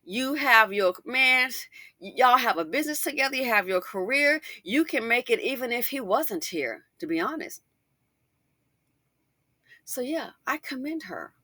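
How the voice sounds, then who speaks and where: Middle-aged lady doing a chatty commentary, bright voice, totally dry mic. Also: on the high side, a little slow, no echo. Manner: chatty and animated, with repeated asides and emphatic rhetorical questions. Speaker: commentary channel host. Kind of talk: casual commentary monologue.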